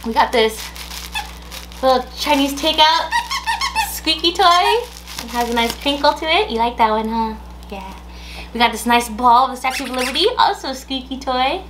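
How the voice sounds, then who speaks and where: Woman, high and bright, casual unboxing chat, sing-song baby talk to a dog. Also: moderate pace, slight background noise. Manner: gasps and laughs as she chats. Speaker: dog owner unboxing a pet subscription box.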